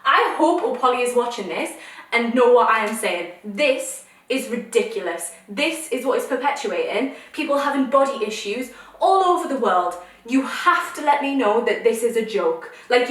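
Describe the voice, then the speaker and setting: A woman's voice: a little high, a bit bright, far from the mic. A young woman vlogging a try-on haul, ranting in an exasperated way. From United Kingdom. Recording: echoey room, voice a little off mic.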